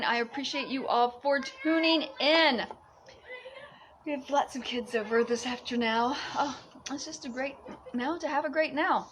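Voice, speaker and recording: A woman's voice: high-pitched, a bit bright, a little hiss or hum. A woman live-streaming a casual chat to her viewers from her home, bubbly and exclamatory, often breaking into giggles. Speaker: livestream vlogger. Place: at home in Fiji.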